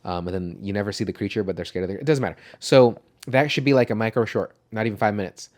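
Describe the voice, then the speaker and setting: A man's voice: fairly low pitch, quick pace, a little mellow. A man co-hosting a podcast in casual chat, rambling and swearing freely. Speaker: podcast co-host.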